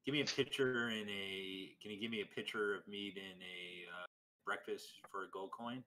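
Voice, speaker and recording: A man's voice: on the low side, moderate pace, pushed and bright. A man voicing a flamboyant half-elf woman entertainer who orders drinks boldly. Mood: demanding. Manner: bold, demanding tavern orders.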